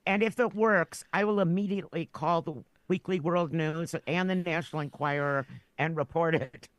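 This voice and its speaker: A woman's voice: deep voice, moderate pace, no room sound. A woman guest on a podcast, telling a story in a rambling way and laughing through her words. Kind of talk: casual chat.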